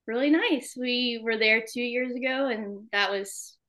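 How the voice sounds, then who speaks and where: As a guest on a podcast's casual interview chat, this hockey wife laughs a lot. She's a young woman from Alabama with a Southern accent, and her slightly high, a bit bright voice moves at a measured pace.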